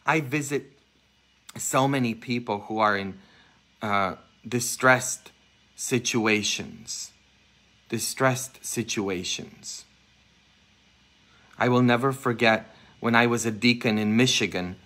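A man preaching a homily as a Catholic priest, impassioned, dropping to a hush and rising loud as he acts out voices in his stories. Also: mid-range voice, normal speed. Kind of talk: sermon.

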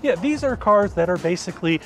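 A man's voice: high-pitched, animated, faint music behind. A man co-hosting a casual car review outdoors, explaining specs and features in an easygoing way. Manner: easygoing, explanatory, quick to agree. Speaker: co-host presenting cars.

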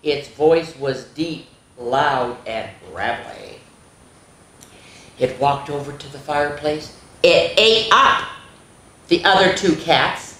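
A woman reading a spooky children's story aloud, expressive, with gasps and little asides to young listeners. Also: deep voice, takes it slowly, pauses often. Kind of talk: reading a spooky picture book aloud to kids. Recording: roomy echo.

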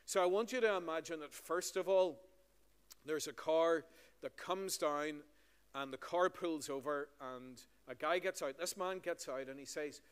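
A man's voice: fairly high pitch, normal speed, clean tone. A Northern Irish man, a pastor, giving a friendly story-style children's talk in a church service. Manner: friendly storytelling to children, asking them questions. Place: large church. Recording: long church hall reverb.

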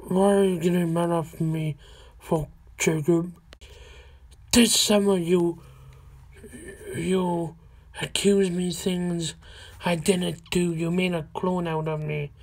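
A woman chatting casually on her own video channel, her voice low and husky. She talks very slowly in broken, stop-start phrases, with little rise and fall in her pitch. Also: level tone, a little mellow. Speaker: channel host.

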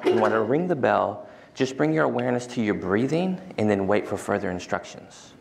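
A man's voice: lowish voice, animated, fairly quick, vocal fry. A man giving a casual, conversational university lecture in a large lecture hall, including a guided mindfulness exercise.

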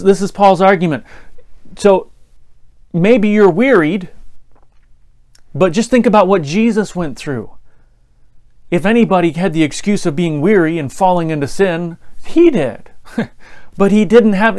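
High-voiced man preaching a conversational sermon. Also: measured pace, pauses often, darkish tone. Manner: conversational, with laughter and acted-out anecdotes.

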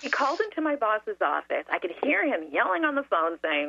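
A woman tells a story on a talk radio show, and her pitch leaps up and down as she goes. She comes through a thin, tinny phone line, and the sound is dry with no room in it. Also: a little fast, vocal fry, no echo. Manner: lively storyteller, laughs often. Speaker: guest.

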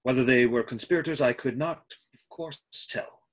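A man's voice: medium pitch, moderate pace, close to an everyday voice. A man playing a deferential, formal manservant in a play reading over a video call, with a stiff, proper delivery.

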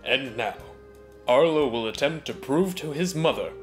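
A man's voice: mid-range voice, lively intonation, normal speed, soft background music. A man giving sarcastic, profane, mock-outraged voice-over commentary on a movie as its reviewer.

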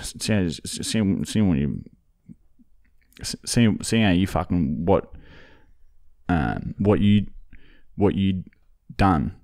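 A man's voice: low voice, expressive, takes it slowly, long pauses, darkish tone, heavily acted. A man putting on a rambling, crude bloke for a prank phone call, swearing and stammering. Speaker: prank caller.

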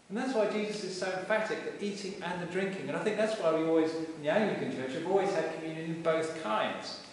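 Welsh vicar giving a sermon, kinda higher voice, emphatic, chatty, big echoey church heard from far off with hiss. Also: male voice. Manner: emphatic, conversational preaching. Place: stone church, live service.

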